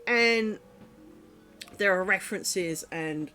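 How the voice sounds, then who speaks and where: A woman's voice: medium pitch, slow, bright, forceful tone, faint music behind. A woman streaming her lace-making, chatting casually and rambling, with the odd swear word. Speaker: craft streamer.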